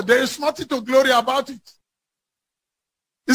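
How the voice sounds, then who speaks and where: A man delivers a sermon, his voice husky and raspy throughout. He climbs into loud, shouted emphasis when quoting scripture. The gravel in his tone never quite leaves. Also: extremely high pitch, expressive, normal speed, pauses often. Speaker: preacher.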